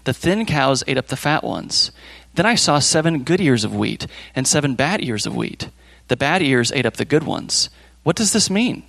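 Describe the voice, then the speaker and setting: A man's voice: mid-range voice, very animated, normal speed, creaky, few pauses, fairly bright tone, dry recording, heavily acted. A man voicing an ancient Egyptian king in a children's Bible story, asking and commanding. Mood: puzzled.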